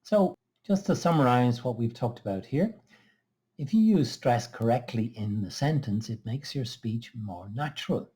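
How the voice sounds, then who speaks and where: A man teaching English pronunciation, explaining exercises in a slow, careful, measured way. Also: medium pitch, lively intonation, dark tone, husky. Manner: slow, careful, measured delivery with small restarts. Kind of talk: scripted lesson explanation.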